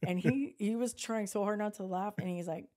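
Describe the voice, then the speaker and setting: A woman in her fifties co-hosting a podcast, telling lively stories in a casual chat and swearing freely. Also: medium pitch, fairly quick. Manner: animated storyteller, swears freely, quotes people in acted voices. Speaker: podcast co-host.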